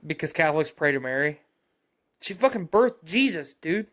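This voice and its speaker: A man's voice: fairly high pitch, sing-song, normal speed, fairly bright tone. A man co-hosting a podcast in casual chat, blunt and opinionated, swearing freely. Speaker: podcast co-host.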